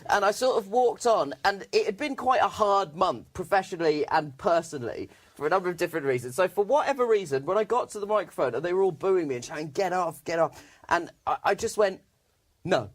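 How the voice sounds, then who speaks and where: A man, a stand-up comedian on a comedy panel show, telling a comic anecdote in animated, quick bursts. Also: high voice.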